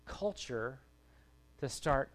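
A man's voice: mid-range voice, animated, very slow. A man, a pastor, delivering a sermon to his church in an earnest, conversational way. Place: church gathering.

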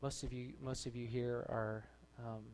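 A man's voice: medium pitch, little pitch movement, normal speed, darkish tone, a little hiss or hum. A man, a pastor, delivering a sermon to his church in an earnest, conversational way. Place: church gathering.

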